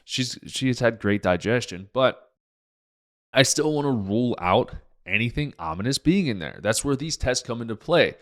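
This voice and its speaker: Hosting his own show, a man who is a naturopathic doctor goes on an energetic, profanity-laced rant, skipping between subjects and frequently starting over in this podcast monologue. He has a mid-range, animated voice at normal speed.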